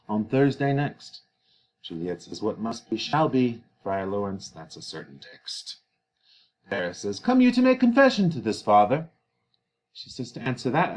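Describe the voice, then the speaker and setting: A man teaching a play, reading its lines aloud and then paraphrasing them casually. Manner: reads quoted lines louder and higher, then paraphrases casually; conversational with fillers.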